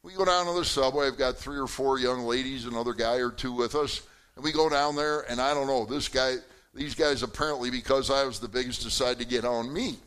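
A man's voice: mid-range voice, a little fast, a bit bright, smooth. A man preaching an evening church sermon, talking to his congregation by name and laughing at his own story. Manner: conversational, talks to congregation members by name. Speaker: pastor. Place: church service.

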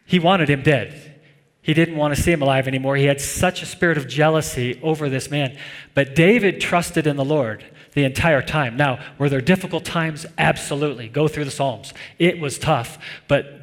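Male pastor, slightly high voice, conversational animated sermon, long hall reverb.

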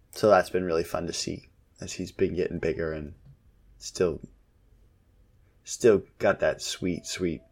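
Man, thirties, low voice, podcast co-host, relaxed rambling storytelling, casual family chat. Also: creaky.

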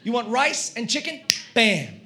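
A male pastor preaching a sermon, telling a comic story in an animated way and acting out his own shouting. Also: very high voice, measured pace. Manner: animated, acts out quoted shouting.

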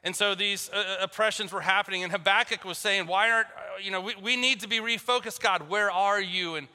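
Preacher guy, high bright voice, joking storyteller, big echoey church hall. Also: brisk. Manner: storytelling, joking, acts out both sides of phone calls. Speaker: pastor. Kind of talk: sermon. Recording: long hall reverb.

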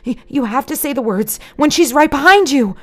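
A woman's voice: high voice, animated, moderate pace, fairly bright tone, voice pushed up. A woman doing a nervous young girl. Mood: urgent.

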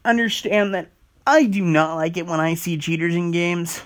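A man's voice: high voice, slow pace, pauses often. A man hosting his own podcast in a casual, rambling monologue, swearing freely as he talks. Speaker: podcast host.

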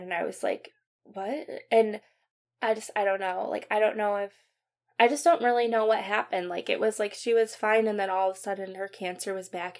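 A young woman recounts a painful family memory on her podcast. She speaks haltingly, with many fillers and restarts, and goes quiet and subdued at the hardest moments. Her pitch sits in a middle range. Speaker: podcast host. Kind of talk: personal storytelling.

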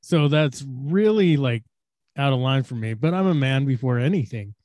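Young male podcaster, loose and vulgar, dry close mic, acts out yelled lines. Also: medium pitch, animated, moderate pace, no echo. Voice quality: loose and profane, acts out shouted quotes. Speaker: podcast co-host. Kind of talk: crude casual storytelling.

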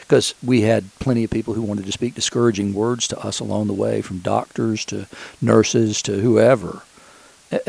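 A man's voice: on the low side, creaky, darkish tone, husky, low-quality recording. A man preaching a sermon as pastor, telling the story conversationally and often restarting his sentences.

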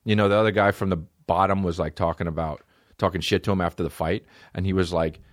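A man's voice: sits low, steady tone, quick pace, no room sound, clean studio sound. A man hosting a comedy podcast, riffing in a rambling, profane monologue. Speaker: podcast host. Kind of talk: stand-up style comedy monologue.

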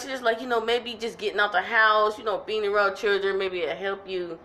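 Woman, mid-pitched, emphatic storyteller, casual podcast host. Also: steady tone, brisk, few pauses, bright, forceful tone. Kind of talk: casual chat recapping a soap opera.

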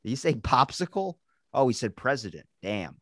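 A man's voice: mid-range voice, very animated, normal speed, fairly bright tone, no echo, clean studio sound. A man from the United States hosting a podcast, chatting casually and swearing freely. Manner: swearing, self-deprecating. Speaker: podcast host. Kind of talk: casual chat.

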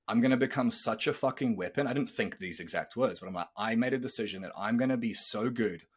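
A man's voice: medium pitch, quick pace, breathy edge. A man in his thirties hosting a podcast, telling a personal story in a candid, earnest way and swearing casually. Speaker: podcast host.

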